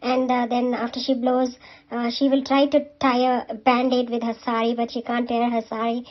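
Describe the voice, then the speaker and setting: A woman's voice: fairly high pitch, little pitch movement, normal speed, lo-fi sound. A woman, recapping a TV serial episode in a chatty, casual way, full of fillers, and now and then speaking straight to the characters.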